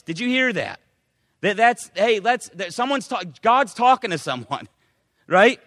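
A man preaching a sermon as pastor, emphatic, swinging from loud preaching to quiet asides. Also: sits high, animated, unhurried, no room sound, clean studio sound, in a large hall.

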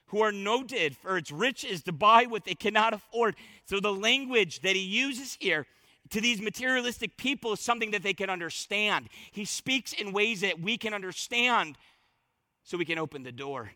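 A pastor preaches in a strikingly high, bright male voice, hammering his points by repeating words and phrases. He jumps between loud, emphatic bursts and quiet asides, and the recording is dry and close with no echo or room sound.

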